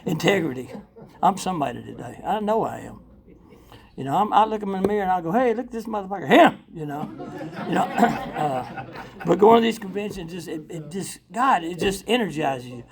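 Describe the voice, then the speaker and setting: An older man giving a blunt, profane recovery testimony to a live audience. He rambles with fillers, laughs often, and swings between loud and quiet. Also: fairly high pitch, animated, moderate pace, vocal fry, a faint crowd. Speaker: speaker sharing at a recovery convention workshop.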